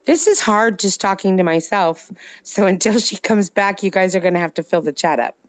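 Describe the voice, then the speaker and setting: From her home in California at night, a woman with a slight New Jersey accent co-hosts a casual late-night live chat, chatting and rambling as she answers viewer comments. Her mid-range voice moves at a moderate pace, with no room sound.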